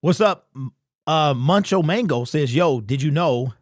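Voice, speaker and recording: A man's voice: fairly high pitch, animated, a little slow, no room sound, studio quality. A man hosting a casual fan live stream, greeting chat members by name in loose, slangy talk.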